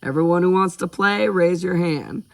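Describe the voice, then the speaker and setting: A calm, level-headed man takes charge in a firm voice, as the narrator plays him. It is gravelly and slightly raised. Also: high voice, normal speed, voice pushed up.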